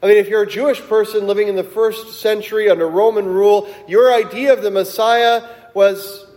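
A man's voice: high voice, fairly even intonation, a little fast, a little mellow, in a large hall. A man preaching a sermon as pastor, in a conversational storytelling way that builds to emphatic peaks. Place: church sanctuary.

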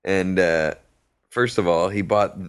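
Brief: podcast co-host, man, fairly low voice, comic storyteller. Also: slow, smooth. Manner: storytelling, laughs at his own stories. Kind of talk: casual chat.

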